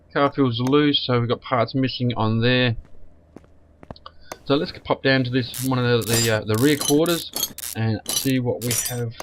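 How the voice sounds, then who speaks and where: A man hosts a car repair game in casual commentary, his voice croaky and stuffed up from a cold. He rambles and restarts words often. Steady noise sits behind him. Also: mid-range voice. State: hoarse from a cold, sniffly. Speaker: gaming channel host. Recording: noisy background.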